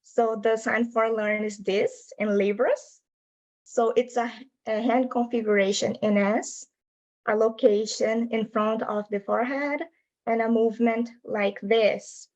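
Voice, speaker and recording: A woman's voice: on the high side, fairly even intonation, a little slow, a little mellow, muffled recording. A young adult woman presenting her linguistics research in an academic talk over a video call, explaining patiently in non-native English phrasing.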